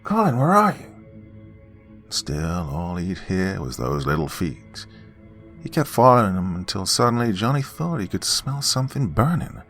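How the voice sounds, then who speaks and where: A man's voice: low-pitched, expressive, moderate pace, a bit bright, soft background music. A man narrating a horror story in a folksy, dramatic campfire style, dropping to whispers for suspense.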